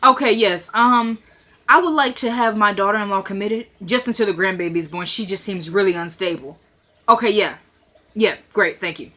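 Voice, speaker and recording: Brief: scheming older woman, sugary fake-polite, voiced by a woman, bright tone. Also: medium pitch, normal speed.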